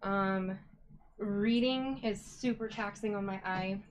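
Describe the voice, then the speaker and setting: A woman's voice: mid-range voice, takes it slowly, slight background noise, poor audio. A woman hosting a casual live stream from home, chatting and greeting viewers by name while she dyes yarn. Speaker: livestream host dyeing yarn.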